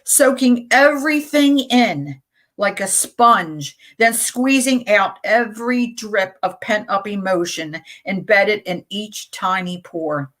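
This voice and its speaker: Woman, middle-aged, community radio host, reads poems slowly, medium pitch, casual asides. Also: fairly bright tone. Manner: slow, deliberate reading with casual asides. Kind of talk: poetry reading on community radio.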